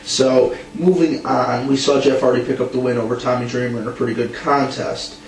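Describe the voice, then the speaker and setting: A man's voice: mid-range voice, steady tone, fairly quick, creaky. A young man co-hosting a casual wrestling recap, blunt and ranting, laughing often. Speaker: podcast co-host. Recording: echoey room, distant mic, faint hum.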